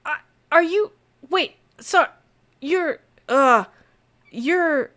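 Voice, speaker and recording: A woman voicing a cheerful, grateful middle-aged male innkeeper and brewer who talks fast and excitedly, tripping over his restarts. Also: fairly high pitch. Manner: excited, hurried, stumbling restarts.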